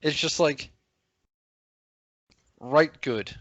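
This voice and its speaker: A male podcast co-host rambles through crude, hesitant chat full of fillers. He is recorded on a dull, muffled mic in a dead, dry space. His pitch is middling for a man. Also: extremely slow, fairly bright tone, no echo.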